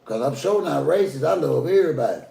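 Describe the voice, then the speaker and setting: Southern guy ranting at his viewers, gravelly voice kinda high, echoey room. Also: lively intonation, fast talker, dark tone. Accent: Southern American. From Southern United States. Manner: folksy, preachy, addresses viewers as y'all. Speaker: commentary vlogger. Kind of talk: casual opinion rant.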